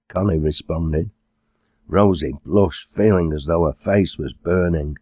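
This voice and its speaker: Deep, husky male audiobook narrator. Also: darkish tone, dry recording, studio quality. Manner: measured storytelling. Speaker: author narrating own audiobook. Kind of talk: scripted narration.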